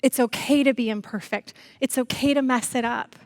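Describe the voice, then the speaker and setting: Animated woman preaching a sermon. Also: high voice, normal speed, no room sound. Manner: animated storytelling, addresses congregation as y'all. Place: church.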